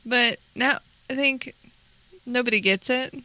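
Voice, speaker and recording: A woman's voice: on the high side, unhurried, pushed and bright, no echo. A woman co-hosting a casual gaming podcast, playful and teasing, often giggling. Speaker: podcast co-host.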